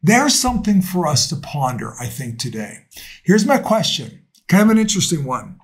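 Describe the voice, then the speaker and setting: A man's voice: fairly high pitch, very animated, normal speed, slightly rough. A man, a priest, preaching a sermon to camera in a conversational, earnest way, asking rhetorical questions.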